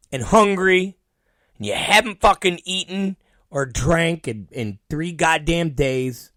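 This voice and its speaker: Male host, fairly high voice, dry close sound; animated profane storyteller who plays every part himself. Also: no room sound. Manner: profane, animated, acts out both sides of a dialogue. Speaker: podcast host. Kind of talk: storytelling monologue.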